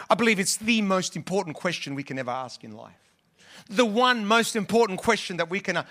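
A man's voice: high voice, big pitch swings, a little fast, bright, forceful tone. A man preaching a sermon to his church in an earnest, conversational way, often restarting his sentences. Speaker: pastor.

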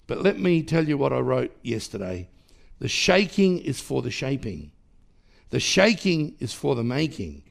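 A man's voice: medium pitch, expressive, normal speed, gravelly. A man preaching a sermon as pastor, emphatic and rhythmic, with repeated phrases and sudden rises in volume. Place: church.

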